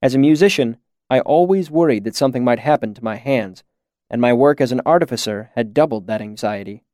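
A man narrating a novel as an audiobook, with measured and even storytelling. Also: mid-range voice, no room sound, clean studio sound. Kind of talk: scripted narration.

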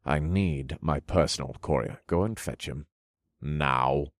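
A haughty, secretive duke with a low, clipped voice, put on by a male narrator. He is irritable and brusque and barks orders at his servants, in a dry audiobook reading. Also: slow pace, no echo. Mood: commanding. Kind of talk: audiobook character voice.

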